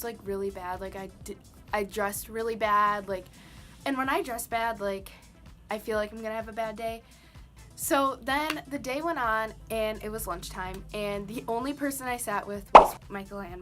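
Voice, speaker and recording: A young woman vlogger chats casually to the camera about something personal, using lots of "like" and "um." Her voice is medium-pitched and fairly bright, at normal speed, with soft music in the background.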